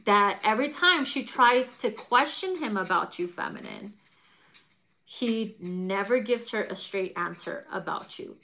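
Bright, lively woman reading tarot. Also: medium pitch, a little slow. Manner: animated and profane, laughing often, acting out quotes. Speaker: tarot reader. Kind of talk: casual tarot reading to viewers.

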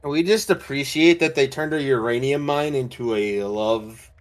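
A man's voice: medium pitch, moderate pace, slight background noise. A man playing a video game with friends, tossing in dry wisecracks. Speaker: co-op player. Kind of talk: casual gaming chat.

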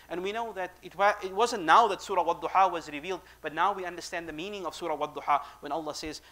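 A man's voice: a little high, fairly bright tone, rough recording. A man giving a Ramadan lecture in a mosque, telling the story with emotive, pleading delivery.

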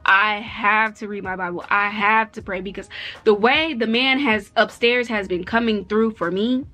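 A woman's voice: medium pitch, fairly even intonation, moderate pace, bright, forceful tone. A young woman in a casual vlog chat, rambling and informal, with frequent "like" fillers. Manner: rambling and chatty, heavy use of "like"; speaks with an informal, slangy dialect. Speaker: vlogger and mother.

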